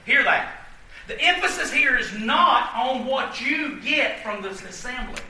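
Male pastor, 40s, high lively voice, folksy sermon delivery, echoey church, distant mic. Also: measured pace. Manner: folksy, emphatic preaching with asides to the congregation. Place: church sanctuary.

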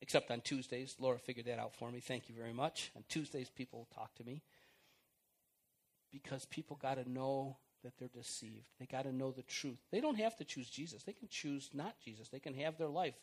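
A middle-aged man preaching an informal sermon, acting out prayers and conversations in an animated way. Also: mid-range voice, a little fast, breathy edge.

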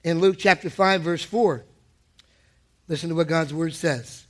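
A man preaching a sermon as pastor at a weeknight church service, emphatic and rising to shouts for emphasis. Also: on the high side, unhurried.

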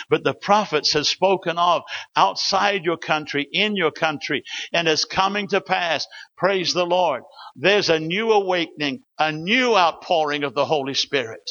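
A man preaches a sermon in a bright, forceful voice that sits a little high. He moves between storytelling and emphatic calls to the congregation. The recording is dull and lo-fi.

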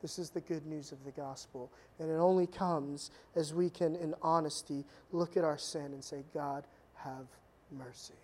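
A pastor delivers a sermon in a mid-range, steady voice at normal speed, telling stories conversationally with humorous asides. His delivery drops suddenly from loud emphasis to quiet intensity.

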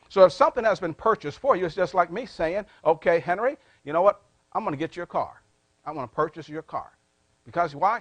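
Preacher guy with a high voice, tosses questions at the crowd, dry close sound. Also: no echo. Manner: call-and-response questions to the congregation; wide swings in loudness and pitch. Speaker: pastor. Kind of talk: sermon.

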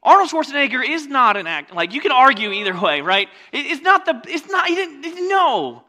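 A male pastor preaching a sermon in a conversational way, mixing scripture with joking asides and swinging from loud, lively stretches to quiet ones. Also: very high-pitched, brisk.

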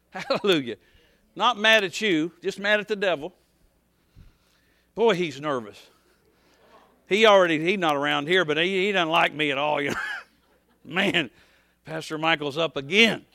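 High-pitched bright preacher. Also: male voice, normal speed, gravelly, long pauses, dry recording. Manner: folksy, rambling, swings from soft to shouting. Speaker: pastor. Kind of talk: sermon.

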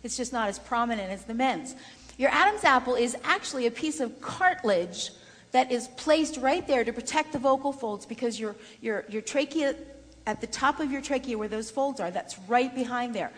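High-voiced woman coaching singers. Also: moderate pace. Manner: lively, chatty, laughs between points. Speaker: vocal coach. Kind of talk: voice workshop lesson. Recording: long reverb in a large room.

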